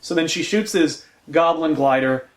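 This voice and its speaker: A man's voice: fairly high pitch, moderate pace. A man co-hosting a casual comic book podcast, ranting and swearing with laughter. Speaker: podcast co-host.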